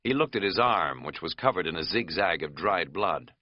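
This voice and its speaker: A man's voice: sits low, lively intonation, normal speed, hardly any pauses, no room sound, muffled recording. A man reading an audiobook aloud in a dry, understated storytelling manner. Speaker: audiobook narrator. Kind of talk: audiobook narration.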